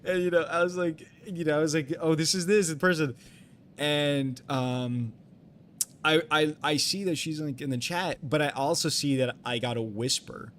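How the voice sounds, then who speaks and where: A man's voice: on the high side, normal speed, fairly bright tone, slight background noise. Rambling, swearing young man streamer. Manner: rambling, full of fillers and restarts, swears freely. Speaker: game streamer. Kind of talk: casual storytelling on a live stream.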